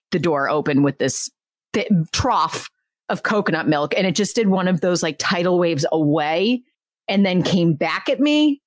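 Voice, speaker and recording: A woman in her thirties, a podcast host, telling a story in lively casual chat and laughing often. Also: fairly low pitch, no room sound.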